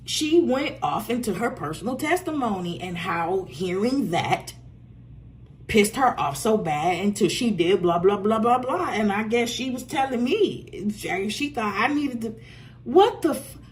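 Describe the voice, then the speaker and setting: A woman giving a casual, profane tarot reading, swinging between loud outbursts and low muttering. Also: lively intonation, unhurried, slight background noise. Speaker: tarot reader.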